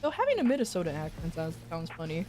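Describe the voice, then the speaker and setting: A woman's voice: fairly low pitch, wildly swooping pitch, quick pace, music in the background. A woman with an American accent chatting casually on a stream, rambling through a story, swearing freely and laughing often. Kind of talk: casual chat.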